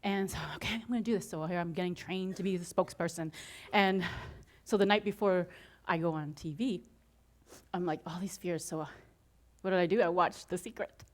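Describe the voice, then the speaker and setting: A woman giving an inspirational talk to an audience, telling her story with frequent laughter and acting out her own excited reactions. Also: fairly low pitch, a little fast. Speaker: motivational speaker.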